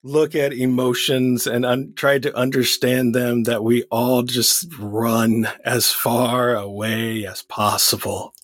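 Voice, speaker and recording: A man's voice: mid-range voice, level tone, takes it slowly, few pauses, fairly bright tone, dry recording. A man co-hosting a podcast in casual chat, laughing easily and explaining things at length. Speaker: podcast co-host.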